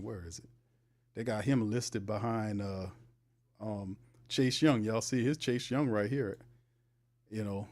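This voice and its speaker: Male sports streamer, low voice, casual and teasing, animated, laughs a lot. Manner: animated, teasing, laughs often, talks to chat. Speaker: sports show host. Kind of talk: casual livestream commentary.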